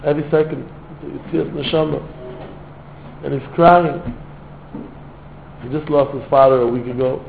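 A man's voice: mid-range voice, fairly even intonation, normal speed, vocal fry, long pauses. Male rabbi, sermon, fervent, echoey room, faint background noise. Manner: fervent, sprinkled with Yiddish and Hebrew words, non-native phrasing. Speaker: rabbi giving a Torah talk. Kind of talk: heartfelt Torah sermon with storytelling. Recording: echoey room heard over a tinny phone-like line.

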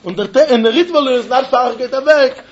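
A man giving an animated Talmud lecture in a sing-song way, asking rhetorical questions and laughing often. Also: very high-pitched, brisk. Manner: sing-song, mixing English, Yiddish and Hebrew. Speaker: Talmud teacher. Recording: dull lo-fi recording.

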